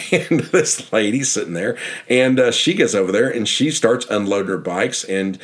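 A man's voice: fairly low pitch, lively intonation, normal speed. A man narrating a casual guided tour as a guidebook author, rambling and enthusiastic.

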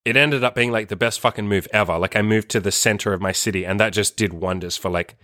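A man's voice: fairly low pitch, fairly even intonation, fast talker, bright, forceful tone, no echo, studio quality. A young man telling a long personal story in a casual, profane, emphatic way, full of "like". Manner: profane, emphatic, heavy use of "like". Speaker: storyteller host.

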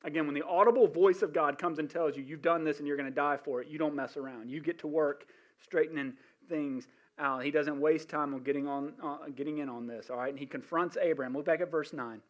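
Male pastor with a high voice, animated sermon storyteller. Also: fairly quick. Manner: animated storytelling with frequent restarts and asides.

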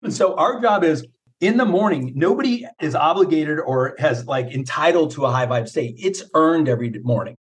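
A middle-aged mindset coach, appearing as a podcast guest, speaks in a fairly high, expressive voice at a moderate pace. He talks casually but emphatically, coaching through rhetorical questions in a motivational vein.

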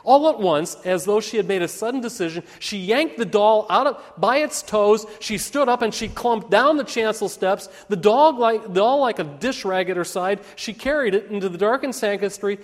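A man's voice: sits high, moderate pace, few pauses. A man telling a story as part of a sermon, building intensity as he goes, in a church sanctuary. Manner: animated storytelling with rising intensity. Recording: long hall reverb.

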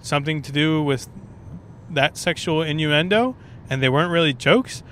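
A man's voice: a little high, normal speed, fairly bright tone, a little hiss or hum. A man who is a stand-up comedian talking casually and profanely in a rambling solo podcast monologue, recorded on the road. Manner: rambling, profane, laid-back.

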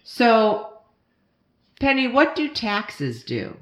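A woman's voice: fairly high pitch, very animated, very slow. A woman interviewing children with playful questions and frequent laughter, speaking into a microphone. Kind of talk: casual question-and-answer with kids. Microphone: studio microphone. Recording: roomy echoey room.

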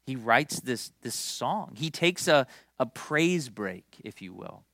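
Young man, pastor, sermon, chatty and animated, bright tense voice, dry close sound. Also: medium pitch, slow, dry recording. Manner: conversational, animated, storytelling with asides.

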